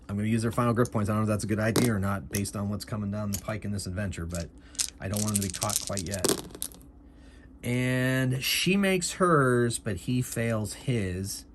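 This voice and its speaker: Man narrating a solo tabletop game, casual, thinking aloud, low voice, faint background hiss. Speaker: game master and solo player.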